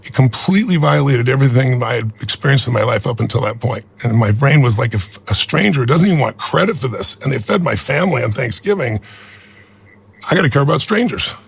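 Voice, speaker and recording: A man's voice: medium pitch, expressive, brisk, vocal fry, breathy edge. A man in his sixties telling a personal story as an interview guest, earnest and reflective. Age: 60s.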